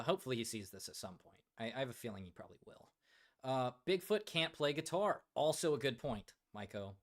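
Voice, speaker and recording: Male streamer host, casual joking chat, middle pitch. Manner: joking, reads chat aloud, many fillers. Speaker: livestream host.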